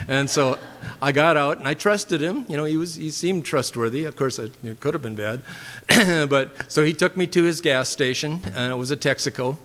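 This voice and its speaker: A man with a Minnesota accent telling a personal testimony story in a casual, rambling way, with fillers and frequent throat clearing. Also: on the high side, normal speed, fairly bright tone. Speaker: church member giving a testimony. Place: church sanctuary. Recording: long hall reverb.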